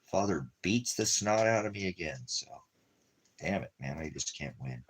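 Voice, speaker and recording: With a low-sitting, expressive voice and moderate pace, a ministry vlogger rambles through a casual monologue on money and leaving town. He keeps breaking into affectionate baby-talk for his dog, and there's slight background noise.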